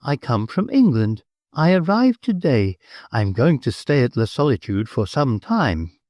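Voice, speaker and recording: A man's voice: medium pitch, sing-song, unhurried, a little mellow, dry recording, clean studio sound, pitched above the performer's own voice. A man voicing a polite, cheerful young English heiress in an audiobook. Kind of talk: audiobook character voice.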